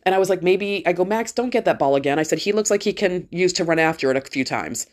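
A woman's voice: lowish voice, lively intonation, fast talker. A middle-aged woman hosting a podcast, talking casually and bluntly, swearing freely and rambling with restarts. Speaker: podcast host. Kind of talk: casual opinion monologue.

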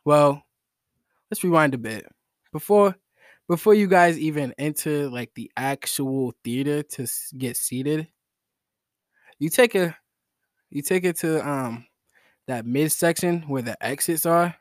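A man's voice: on the high side, unhurried, pauses often, no room sound, clean studio sound. A young man hosting a solo podcast in a rambling, slangy, self-mocking, joking way. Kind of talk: casual joking monologue.

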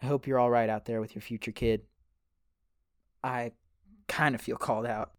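A man's voice: medium pitch, fairly even intonation, moderate pace, no echo, studio quality. A man narrating a scripted survival story in character, playful and chatty as he talks to his dog and reads out fun facts.

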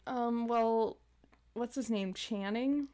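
A woman's voice: on the high side, slow pace, a little mellow, clean tone. A woman co-hosting a podcast, chatting casually and acting out quotes with lots of "like". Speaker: podcast co-host. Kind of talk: casual recap chat.

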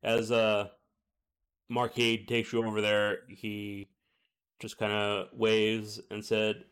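A man narrating as game master in a tabletop game. His voice sits somewhat low. He talks casually and pauses often on fillers. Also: completely flat delivery, a bit bright, smooth.

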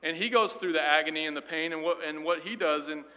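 A man's voice: fairly high pitch, fast, bright, forceful tone. A man teaching a Sunday school Bible class in an earnest, emphatic way, often repeating words as he goes. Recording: long hall reverb.

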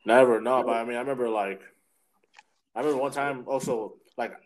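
A man's voice: medium pitch, a little fast, poor audio. Profane, easygoing man telling stories. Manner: profane storyteller, acts out voices in his anecdotes. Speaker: podcast host. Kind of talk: casual chat.

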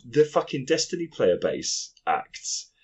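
A man's voice: medium pitch, sing-song, slow, a little mellow, slightly rough. A man co-hosting a podcast, chatting casually about games and swearing freely. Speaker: podcast co-host.

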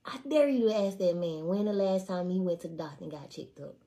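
A woman in her twenties telling stories on a casual livestream, blunt and profane. She swings between hushed asides and loud, animated outbursts. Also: lowish voice, a little fast. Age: 20s. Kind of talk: casual storytelling to a live audience.

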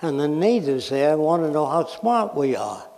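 A man's voice: fairly high pitch, big pitch swings, moderate pace, gravelly, a little mellow. An American man giving a blunt, emphatic public lecture, making his points with examples and questions. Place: lecture hall. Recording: reverberant hall.

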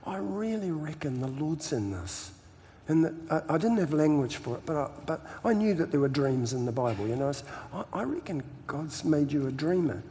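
An older New Zealand man with a slightly high voice tells stories as a pastor guest, chatty and quick to laugh. He repeats words as he gets going, and his voice hangs in a long hall echo. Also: big pitch swings, dark tone, a little hiss or hum. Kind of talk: storytelling interview chat.

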